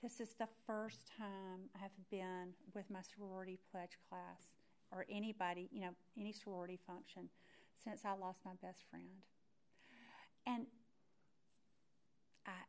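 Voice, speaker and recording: A middle-aged woman teaching a Bible study through a personal story, animated and acting out her own thoughts as she tells it. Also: medium pitch, unhurried, long pauses.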